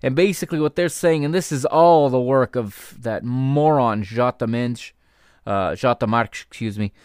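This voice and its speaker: A man hosts his own podcast in a dry, close sound with no room around his voice. His pitch sits in the middle for a man. He talks with indignant heat and swears freely when he gets worked up. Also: moderate pace, smooth, dry recording. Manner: heated, indignant ranting with outbursts of swearing; rises from calm explanation into loud, stressed outrage. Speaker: podcast host. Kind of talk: solo podcast commentary.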